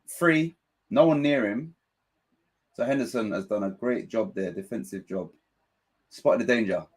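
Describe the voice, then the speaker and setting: A man hosting a live football watchalong, commenting on play and reading out viewers' chat messages in an excitable, chatty way. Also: lowish voice, unhurried, breathy edge. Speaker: watchalong host.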